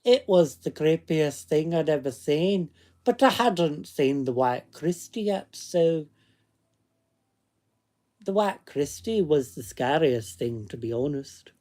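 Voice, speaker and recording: A man's voice: fairly high pitch, animated, slow pace, a little mellow. A man reading ghost stories aloud in a put-on Scottish accent, chatting casually between passages. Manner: chatty asides that break off the reading. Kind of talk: casual read-aloud storytelling.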